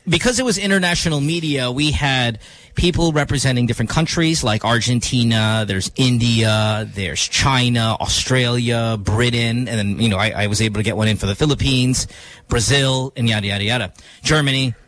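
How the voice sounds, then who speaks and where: A man's voice: medium pitch, normal speed, a bit bright. A man hosting a casual morning radio show in a studio, joking and rambling with fillers.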